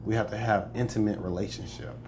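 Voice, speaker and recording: A man's voice: on the low side, fairly even intonation, fast talker, a little mellow, a little hiss or hum. A young American man, a comedian, chatting casually in an interview, boastful and joking, laughing often. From United States. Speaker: comedian guest.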